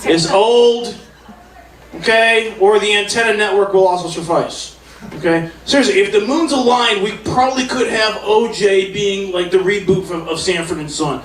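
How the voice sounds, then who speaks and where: A man doing stand-up with impressions, swearing a lot and jumping into loud shouted bits. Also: high voice, moderate pace, distant mic. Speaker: stand-up comedian. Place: comedy club stage. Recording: roomy club sound from off mic.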